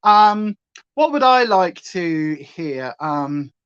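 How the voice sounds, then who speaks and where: A woman's voice: lowish voice, very animated, very slow, clear, resonant tone. A woman talks her viewers through a makeup look in a loose, rambling way. She drops sentences halfway and picks up comments from the chat as she goes. The sound is dull and lo-fi, like a home livestream mic. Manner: rambling, breaks off mid-sentence, reads chat aloud. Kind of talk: chatty livestream makeup tutorial.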